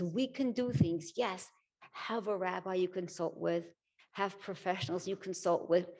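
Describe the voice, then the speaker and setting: A woman judge giving an inspirational speech from a podium, telling stories in an emphatic, animated way. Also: medium pitch. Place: symposium stage at a podium.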